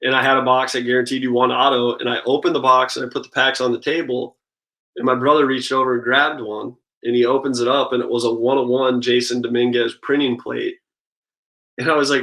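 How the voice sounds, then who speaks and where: A man in his thirties, a baseball pitcher, chatting casually as an interview guest and telling relaxed stories full of "like" and "I mean". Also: fairly quick, low-quality recording. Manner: relaxed storytelling, lots of "like" and "I mean".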